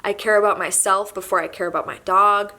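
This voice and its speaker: A young woman vlogging to camera, halting and soft-spoken as she admits she is pregnant and emotional. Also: mid-range voice, fairly even intonation. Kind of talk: candid emotional confession to camera.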